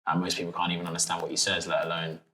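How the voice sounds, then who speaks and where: A man's voice: low voice, rapid-fire. A young man from London with a London accent, chatting casually as an interview guest, with lots of fillers and restarts. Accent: London English. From London, England. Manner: relaxed, many fillers and restarts. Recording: echoey room.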